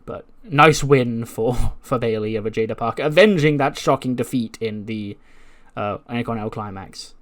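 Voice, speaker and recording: A man's voice: mid-range voice, normal speed, few pauses. A man casually narrating a wrestling management game, chuckling at his own storylines. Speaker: gaming channel host. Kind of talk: casual let's-play narration.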